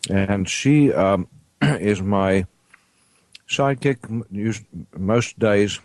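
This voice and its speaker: A man hosting a casual radio health talk show from a studio, halting often with ums and uhs. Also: fairly low pitch, a little mellow, dry recording.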